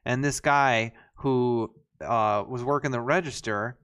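A man's voice: mid-range voice, unhurried, fairly bright tone, clean tone. A man co-hosting a podcast, telling rambling stories in casual chat with lots of fillers and restarts. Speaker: podcast co-host.

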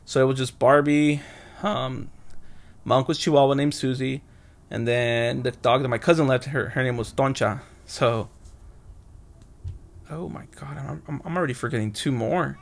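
A young man with a gravelly, creaky voice at an ordinary middle pitch, hosting his own podcast. He rambles through casual stories, swearing and stopping to correct himself. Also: fairly even intonation, normal speed, long pauses. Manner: rambling, loose and profane, many fillers and self-corrections. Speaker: podcast host. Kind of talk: casual solo storytelling.

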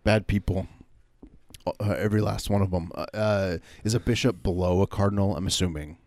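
A man co-hosting a comedy podcast, playing along deadpan with halting, restarting sentences. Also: sits low, no echo. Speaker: podcast co-host. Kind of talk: improvised comedy banter.

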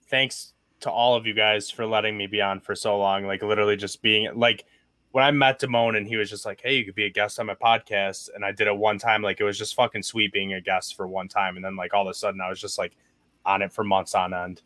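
Bright-voiced man, crude podcast banter. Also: lowish voice, level tone, a little fast, dry recording. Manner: joking, crude, turns sentimental. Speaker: podcast co-host.

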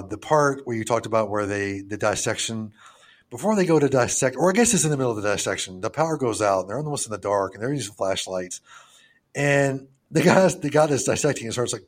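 A young man co-hosting a podcast, chatting casually and crudely about a film, laughing often and acting out scenes in a put-on voice. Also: lowish voice. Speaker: podcast co-host.

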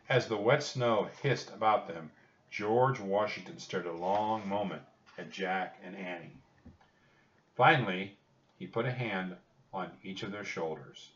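Audiobook narrator, man, low voice, very unhurried. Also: fairly bright tone, reverberant. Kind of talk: audiobook reading. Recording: dull distant recording.

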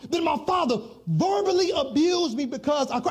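A middle-aged pastor from Chicago preaching a sermon in a chanting preacher cadence that swells into shouts. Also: male voice, very high voice, very animated, a little fast, hardly any pauses.

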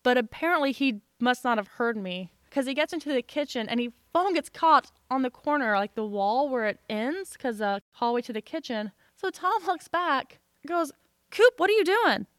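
A woman's voice: high-pitched, normal speed, few pauses, no echo, clean studio sound. A young woman telling a funny story on a casual podcast, laughing through it. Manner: animated, laughs through her own story. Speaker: podcast co-host.

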